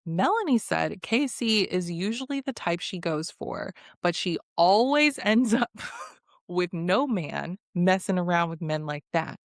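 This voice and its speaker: Young woman host, casual sarcastic recap, frequent laughs, lowish voice, dry mic. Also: lively intonation, measured pace, no echo. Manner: chatty and sarcastic, laughs often. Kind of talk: casual reality TV recap vlog.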